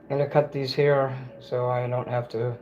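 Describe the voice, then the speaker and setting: A man's voice: mid-range voice, flat delivery, normal speed, dull audio, slight background noise. A man on a casual livestream, ranting bitterly and cursing, often stopping to correct himself. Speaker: livestream host.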